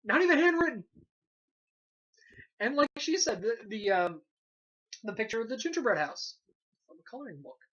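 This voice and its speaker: An animated, sarcastic young man riffs through a casual movie review, swearing offhandedly as he mocks what he watched. The sound is dull and lo-fi. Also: very high-pitched, normal speed, pauses often. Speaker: movie reviewer, site host.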